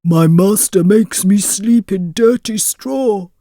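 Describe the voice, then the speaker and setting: Guy doing a sad hungry camel in a storybook, crying, drawn-out and dark-toned. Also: sits high, no room sound, studio quality, pitched above the performer's own voice. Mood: self-pitying. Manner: tearful, wailing.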